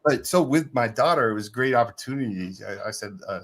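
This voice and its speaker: A chatty middle-aged man spinning a story as a podcast guest, slipping into quoted dialogue as he goes. His voice sits a little low. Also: fast talker, hardly any pauses. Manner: chatty anecdotal, quotes people in dialogue, laughs often. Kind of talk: casual interview storytelling.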